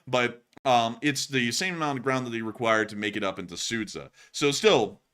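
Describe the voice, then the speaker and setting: A man's voice: medium pitch, normal speed, sharp tone, smooth. A man hosting a war news show, casually talking through frontline updates and pointing at a map, with the odd stumble. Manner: conversational analysis with occasional stumbles.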